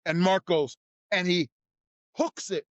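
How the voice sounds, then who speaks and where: A man as interview guest, telling road stories in a lively way and acting out the voices of the people in them. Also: high voice, slow, no echo. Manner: acts out voices and shouts in his stories. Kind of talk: animated storytelling.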